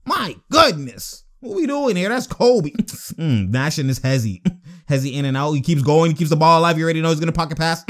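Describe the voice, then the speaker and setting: A young man calls a game as he watches it, his voice pitched high and swinging wildly up and down. He laughs constantly and shouts slangy exclamations between quick remarks on the play. It sounds like casual, loose reaction commentary. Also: very animated. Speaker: basketball reaction host.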